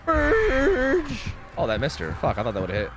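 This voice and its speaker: This young streamer's voice is on the low side, animated and racing. Playing a game, he reacts and answers his chat casually, swearing heavily and filling his speech with "like" and restarts.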